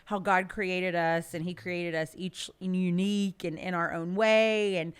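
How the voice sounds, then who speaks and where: A young woman on a podcast, chatting casually and telling animated stories, often laughing. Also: on the low side, unhurried, smooth. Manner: animated storytelling, laughs a lot. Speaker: podcast guest. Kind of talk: casual chat.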